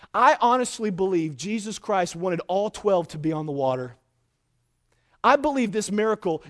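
A young man preaching a sermon, telling a story with many restarts and building to emphatic points. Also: sits high. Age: young adult.

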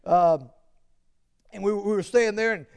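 Man, pastor, sermon, high voice, smooth and resonant, stumbling fillers, earnest emphatic build. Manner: halting, lots of fillers and restarts; earnest, rising to emphatic peaks. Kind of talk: sermon with personal stories.

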